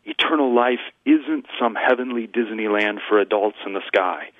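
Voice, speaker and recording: A man's voice: lowish voice, normal speed, few pauses, no room sound. A man, a pastor and guest on a radio show, earnestly teaching scripture and quoting verses at length. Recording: tinny phone line, dry.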